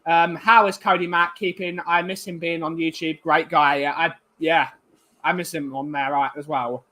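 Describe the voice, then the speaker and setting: Rambling high-voiced male co-host. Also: steady tone, normal speed, sharp tone. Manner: rambling, many fillers and restarts. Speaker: livestream co-host. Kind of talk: casual chat, reading viewer comments.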